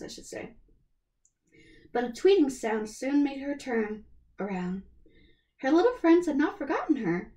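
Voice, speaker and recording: A woman's voice: high voice, big pitch swings, unhurried, dark tone. Nasal young woman reading a storybook. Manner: stumbles and corrects herself. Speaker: storybook reader.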